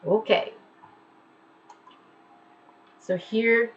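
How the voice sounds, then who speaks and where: A woman's voice: medium pitch, expressive, unhurried, long pauses, lo-fi sound. A woman teaching English pronunciation online from home, patiently repeating each word to demonstrate its sound.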